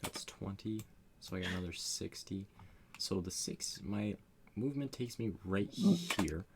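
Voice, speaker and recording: Deep-voiced animated player man. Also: unhurried, a crowd in the background. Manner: animated, thinks aloud while tallying rolls. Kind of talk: playing a tabletop game over a stream.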